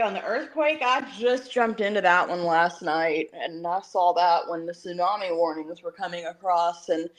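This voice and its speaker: A middle-aged woman, a citizen journalist guest on a panel, talking casually with quick asides. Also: mid-range voice, rough recording. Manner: talkative, quick asides and laughs.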